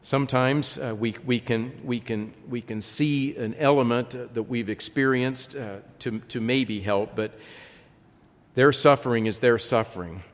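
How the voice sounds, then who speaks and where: A man preaching a sermon, reading scripture aloud with lively emphasis and frequent repeated words. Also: mid-range voice, a little slow. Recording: long reverb.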